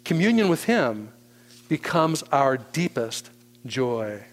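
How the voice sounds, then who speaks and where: A man preaching a sermon as pastor, teaching slowly and deliberately with emphatic pauses. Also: mid-range voice, big pitch swings, vocal fry.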